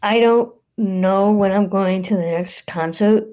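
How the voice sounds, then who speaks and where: A woman's voice: mid-range voice, a little slow, mellow, poor audio. A woman co-hosting a casual podcast, answering questions hesitantly with plenty of fillers. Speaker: podcast co-host.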